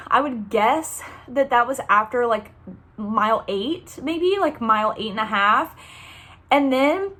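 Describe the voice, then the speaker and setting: A woman's voice: a little high, fairly bright tone. A young woman bubbly and chatty, telling the story of her race in a casual recap with lots of fillers. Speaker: running vlogger.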